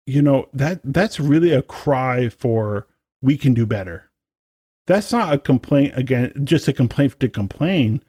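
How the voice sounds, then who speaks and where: A man's voice: mid-range voice, expressive, unhurried, mellow, husky, dry recording, studio quality. A man co-hosting a podcast, chatting casually and rambling with lots of fillers and restarts. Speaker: podcast co-host, brass musician. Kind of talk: casual chat.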